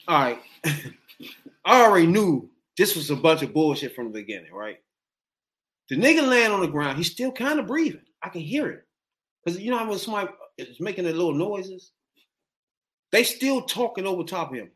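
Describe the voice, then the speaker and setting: A man telling a story in casual, profane, slangy chat and acting out what people said. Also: a little high. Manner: animated, profane, slangy, acts out quotes.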